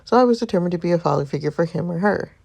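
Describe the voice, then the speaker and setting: A woman reading a game's narration as a devoted, protective young man, in an earnest storytelling way with a gravelly texture. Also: fairly low pitch, lively intonation, rapid-fire, darkish tone. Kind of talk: reading game narration aloud.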